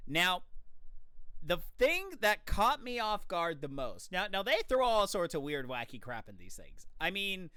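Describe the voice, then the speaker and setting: A streamer telling a story in casual live-stream chat, animated and enthusiastic. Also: mid-range voice, a little slow, clean tone, no echo.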